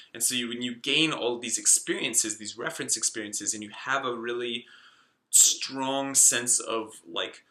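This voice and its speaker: A man's voice: mid-range voice, a little slow, pushed and bright, roomy sound. A man in his late twenties explaining a self-help topic in a casual, rambling way, full of fillers and restarts. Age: 20s. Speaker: self-help video host.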